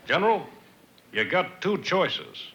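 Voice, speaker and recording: A man's voice: sits high, very animated, sharp tone, exaggerated voice. A man doing an impression of a laconic old movie cowboy on a 1960s variety show. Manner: drawling, slow. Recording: dull noisy 1960s TV audio.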